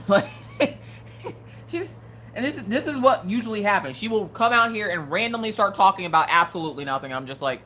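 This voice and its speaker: A woman's voice: mid-range voice, expressive, a little fast, sharp tone, a little hiss or hum. A woman hosting a casual live crafting stream, chatty and joking, laughing often.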